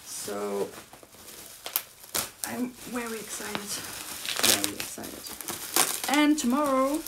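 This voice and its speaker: A woman's voice: high voice, heavy background noise. Gushing young German woman unboxing. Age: young adult. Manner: gushing, breathless excitement, repeats phrases. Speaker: model horse collector vlogger. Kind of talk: unboxing vlog.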